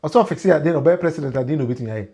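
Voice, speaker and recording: A Ghanaian man with a fairly high voice hosts a political livestream in a loose, animated style. He switches between Twi and pidgin English, and his pitch jumps up when he stresses a point. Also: very fast, slightly rough. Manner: mixes Twi and pidgin English, laughs often, emphatic rises.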